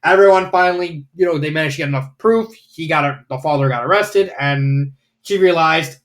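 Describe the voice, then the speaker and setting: A man's voice: on the high side, a little fast. Rambling man reviewing fanfiction. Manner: rambling, swears, many fillers. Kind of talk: casual review chat.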